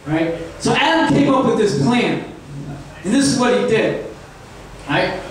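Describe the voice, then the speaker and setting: A man's voice: very high voice, lively intonation, normal speed, long pauses. A man doing crude, rambling stand-up comedy, checking in with the crowd with a constant "right?". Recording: echoey room from far off, faint noise.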